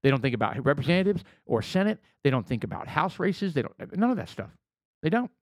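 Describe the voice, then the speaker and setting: A man co-hosting a casual political chat in a blunt, animated way, swearing often. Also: a little high, quick pace, no room sound. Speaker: podcast co-host.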